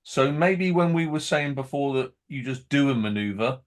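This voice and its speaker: A man's voice: mid-range voice, lively intonation. A man playing a tabletop game, speaking hesitantly with many fillers as he works out the rules. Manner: hesitant, deliberate. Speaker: player. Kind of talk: casual play chat.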